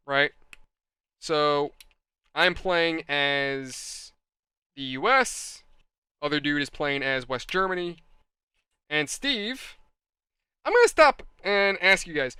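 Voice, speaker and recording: A hobby channel host tells a rambling, animated anecdote while building a model, full of exasperation and addressed to his viewers. His voice is a little high, bright and smooth, recorded close and dry with no echo.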